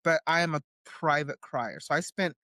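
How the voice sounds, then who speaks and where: A woman's voice: deep voice, normal speed, no room sound, clean studio sound. A woman who is an indie author and publisher, a guest telling her story in a casual interview and often tagging lines with "right?". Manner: animated, acts out quoted voices, frequent "right?".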